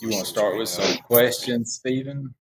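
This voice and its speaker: A man's voice: medium pitch, normal speed. A man with a South Georgia accent, a guest on a casual podcast, talking in an easygoing, laid-back way.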